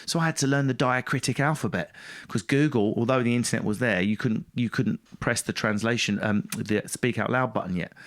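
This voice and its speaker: A man's voice: medium pitch, a little fast, few pauses. A man telling his story as a podcast guest, blunt and self-mocking, swearing freely in casual talk. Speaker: podcast guest, stand-up comedian.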